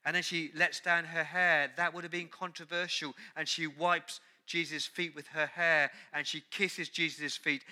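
A man's voice: fairly high pitch, sharp tone. A man preaching a sermon as pastor, earnest and emphatic, repeating key words.

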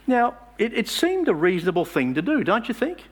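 A man's voice: high voice, very animated, fairly quick, breathy edge. A man preaching a sermon in church, emphatic and asking the congregation rhetorical questions.

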